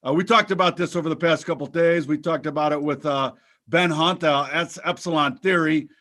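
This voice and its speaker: A man hosting a casual show about the markets, with a bright, slightly high voice. He jokes freely and rambles, stacking fillers and restarts. His delivery is loose and conversational. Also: steady tone, a little fast. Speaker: podcast host.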